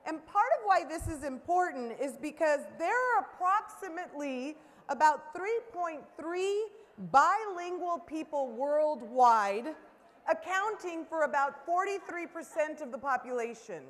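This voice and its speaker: High-voiced woman speaker in a reverberant hall. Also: lively intonation, a little slow. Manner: upbeat, coaxes the audience to call out. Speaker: keynote speaker. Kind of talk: interactive conference keynote. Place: large conference hall.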